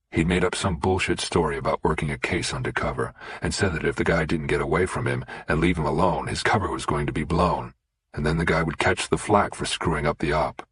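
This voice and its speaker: A man narrating a suspense audiobook in a steady, unhurried reading. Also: rumbling low, slightly rough, dry recording. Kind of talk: scripted narration.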